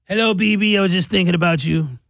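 A man puts on a boastful old politician, higher than his own voice and lolling, as if sprawled out and pleased with himself. The tone is teasing and cocky, and the sound is dry and close. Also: quick pace, creaky, fairly bright tone, no echo. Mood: flirty boastful.

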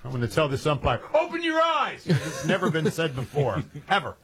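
A man's voice: fairly high pitch, a little fast. A man co-hosting a radio talk show, chatting casually and sarcastically, laughing often. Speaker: radio co-host.

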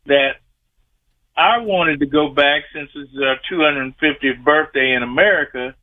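A man's voice: a little high, measured pace. A man in his sixties calling in to a radio show, folksy and rambling as he chats. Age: 60s. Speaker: caller. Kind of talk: call-in radio chat. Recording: tinny phone line.

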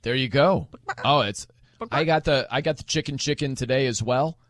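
A man's voice: medium pitch, normal speed, a bit bright, no echo, studio quality. A man hosting a late-night show, chatting casually and teasing his co-host playfully. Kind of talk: casual chat.

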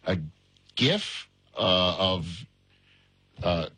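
A man hosting a sports talk show, his voice bright and a touch husky. He leads the chat with lively, upbeat intonation and quick quips. The sound is dry and close. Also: deep voice, dry recording. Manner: upbeat, interviewer leading segments with quick quips. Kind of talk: casual chat.

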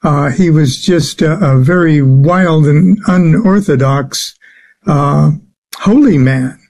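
A man with a fairly high voice talks slowly and haltingly as an interview guest. He fills his pauses with many "uh"s and restarts while he explains his subject at length. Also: darkish tone. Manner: slow, halting, many filler sounds. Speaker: guest expert on the occult. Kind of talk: interview answers.

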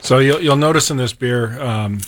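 A man from a brewery, a guest in a casual chat, explaining beer in a steady way. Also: mid-range voice, moderate pace, slight background noise.

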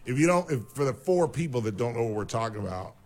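A man co-hosting a casual chat, telling stories with animated quoted voices and jokes. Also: medium pitch, quick pace, faint music behind. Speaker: podcast host.

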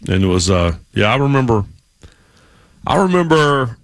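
A middle-aged man hosting a sports radio show, drifting through a long anecdote and circling back on himself. His voice sits at an ordinary pitch, recorded close and completely dry in a studio. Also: sing-song, normal speed, no echo. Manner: rambling storyteller, many restarts. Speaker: radio sports talk host. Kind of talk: casual sports radio chat.

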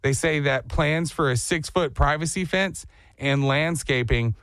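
A man's voice: fairly high pitch, measured pace, a bit bright, no echo. A man hosting a comedy talk show, riffing animatedly and slipping into silly put-on voices. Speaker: radio show host. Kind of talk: comedic radio banter.

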